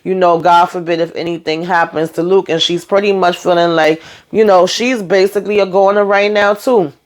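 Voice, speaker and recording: A woman's voice: on the low side, steady tone, normal speed. A woman hosting her own channel, casually recapping a TV episode in a chatty, emphatic way, talking straight to her viewers. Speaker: TV show recap host.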